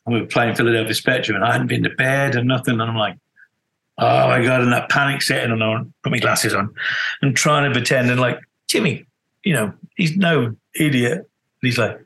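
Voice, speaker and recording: A man's voice: mid-range voice, brisk, creaky, pushed and bright, poor audio. A middle-aged man, a guest musician in a casual interview, telling rambling stories full of restarts and acted-out quotes. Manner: rambling storyteller, many restarts, acts out quotes.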